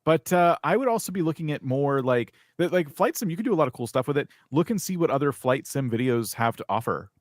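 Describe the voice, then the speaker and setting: A man's voice: fairly high pitch, animated, fast talker, hardly any pauses, no echo, studio quality. A man co-hosting a live YouTube channel review, chatty and candidly critical. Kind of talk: live stream review chat.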